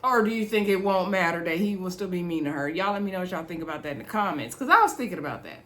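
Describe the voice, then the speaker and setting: A woman's voice: lowish voice, lively intonation, fast talker, fairly bright tone. Chatty woman recapping reality TV. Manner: chatty, laughs often, talks to viewers as y'all. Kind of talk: casual chat to viewers.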